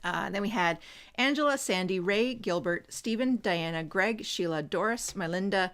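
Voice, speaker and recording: A woman's voice: mid-range voice, normal speed, fairly bright tone, smooth. A woman co-hosting a casual live-streamed chat, reading out names and teasing her partner with dry quips. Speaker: co-host.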